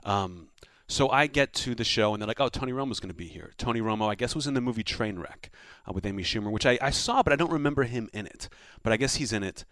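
Fast-talking man telling a story. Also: mid-range voice, no echo. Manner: animated anecdote teller, acts out quotes. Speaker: comedian guest. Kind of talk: casual storytelling chat.

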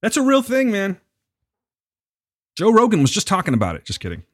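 Animated teasing male host. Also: high-pitched, a little fast, dry recording, clean studio sound. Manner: teasing, argumentative, laughs often. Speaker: podcast host. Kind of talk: casual chat.

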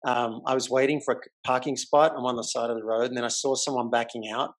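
A male podcast host with a medium-pitched voice talks at a quick pace. Casually recounting a story, he animatedly mimics the voices of those he quotes.

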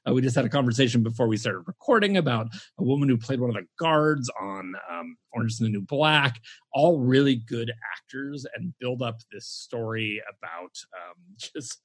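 Male podcast co-host, animated and chatty, husky, dry close mic. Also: medium pitch, moderate pace, no echo. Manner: animated, chatty, laughs easily. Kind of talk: casual chat, film review.

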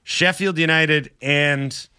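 Male sports radio co-host, bright voice, playful and quick with jokes. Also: a little high, steady tone, clear, resonant tone, no room sound, clean studio sound. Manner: joking, laughs often, playful asides. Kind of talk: casual sports talk.

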